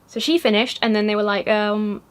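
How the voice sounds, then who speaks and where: An English woman chatting in a casual vlog, gushing and excitable with lots of fillers. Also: mid-range voice, fairly quick, smooth. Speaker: YouTuber. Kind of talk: casual chat.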